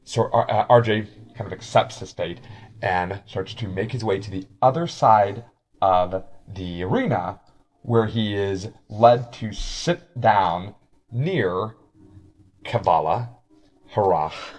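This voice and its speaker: A man's voice: lowish voice, takes it slowly, darkish tone. A man narrating a tabletop game as game master, rambling with many fillers.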